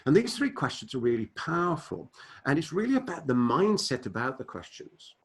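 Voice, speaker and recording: Lively older man lecturing. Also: a little high, moderate pace. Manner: storytelling, animated, acts out quoted dialogue. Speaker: business speaker. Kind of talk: lecture to an audience.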